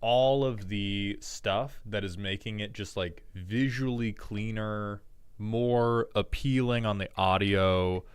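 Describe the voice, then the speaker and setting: Smooth-voiced male streamer chatting. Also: lowish voice, slow pace. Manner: rambling, jokey, self-interrupting. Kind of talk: casual chat with stream viewers.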